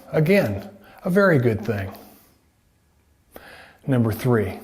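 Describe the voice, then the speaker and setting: A man's voice: on the high side, a little mellow. A man, a doctor, gives a scripted health talk to camera in a folksy way, full of rhetorical questions. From United States. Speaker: doctor presenting a health video.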